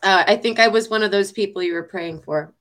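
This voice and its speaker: A woman hosting a faith show, praying fervently and speaking warmly to viewers, given to repeating phrases and getting emotional. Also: mid-range voice, fairly quick. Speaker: show host. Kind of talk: heartfelt prayer and chat to viewers.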